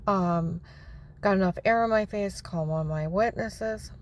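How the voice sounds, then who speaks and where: A woman's voice: medium pitch, a little slow, a little hiss or hum. A woman in a rambling, indignant personal monologue who often drops to a whisper. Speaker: vlogger.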